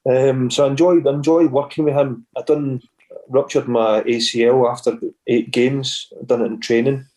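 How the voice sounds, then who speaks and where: A man's voice: medium pitch, fairly even intonation, normal speed, warm tone. Scottish man, forties, chatty guest, loose anecdotal delivery. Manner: rambling anecdotes with many restarts and acted quotes. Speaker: guest, former footballer. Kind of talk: casual storytelling.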